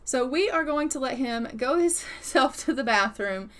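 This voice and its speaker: A woman's voice: high-pitched, animated, measured pace, a bit bright. Chatty woman narrating her game. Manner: chatty, storytelling, upbeat. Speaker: gaming YouTuber. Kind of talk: casual game commentary.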